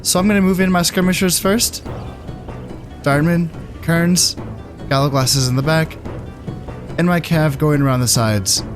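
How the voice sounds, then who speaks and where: A man casually commentating his strategy game, thinking aloud in a relaxed, musing way with fillers. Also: fairly high pitch, unhurried, long pauses, music in the background. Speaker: gameplay commentator. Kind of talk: casual let's-play commentary.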